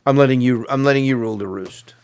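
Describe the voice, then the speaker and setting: A man's voice: mid-range voice, fast talker, smooth. A man with a New Jersey accent co-hosting a casual show, joking and slipping into mock voices. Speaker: co-host. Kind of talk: casual podcast banter.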